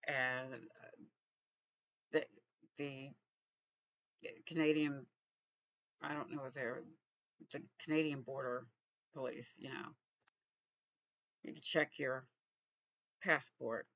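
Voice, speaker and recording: A man from Texas, vlogging in a reflective, halting way with frequent restarts. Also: mid-range voice, steady tone, creaky, fairly bright tone, dry recording, highs cut off. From Texas, USA. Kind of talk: casual personal vlog.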